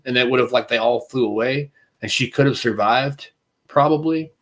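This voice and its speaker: A man co-hosting a podcast in casual chat, telling stories in an animated, rambling way and acting out scenes with quick voices. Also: mid-range voice. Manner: rambling, self-interrupting. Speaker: podcast co-host.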